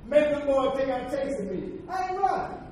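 A man's voice: very high voice, normal speed, a little mellow. A man telling a story from his own life as a sermon testimony, emphatic and folksy, with preaching asides. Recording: very echoey hall, from far off, faint noise.

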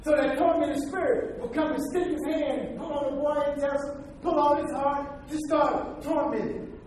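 A man's voice: very high voice, fairly even intonation, normal speed, a little mellow, a little hiss or hum. A man preaching a sermon with emphatic repetition, leading the congregation in chanted call-and-response and telling long stories. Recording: echoey hall from far off.

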